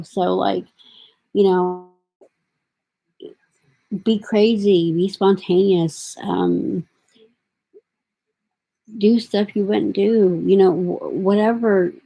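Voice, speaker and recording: A woman's voice: on the low side, gravelly, dark tone, poor audio. A middle-aged woman talking to her camera in a rambling, casual way, drifting from thought to thought with lots of fillers. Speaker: vlogger. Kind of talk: casual vlog talk.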